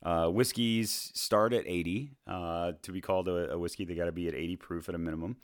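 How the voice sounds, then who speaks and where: Deep-voiced man explaining whiskey casually. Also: fairly even intonation, fairly quick, clean tone, dry recording, studio quality. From United States. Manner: explains at length with many fillers and restarts. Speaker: whiskey tasting host. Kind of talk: casual podcast chat.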